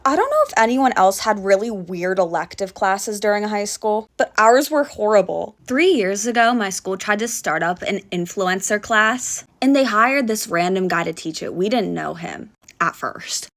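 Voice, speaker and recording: A young woman telling funny stories in a casual storytime style, with animated, exaggerated reactions. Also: medium pitch, normal speed.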